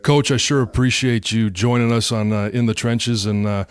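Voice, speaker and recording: A man's voice: medium pitch, fairly even intonation, moderate pace, smooth. A man hosting a sports talk show, upbeat and conversational. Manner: upbeat, conversational, some fillers. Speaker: host.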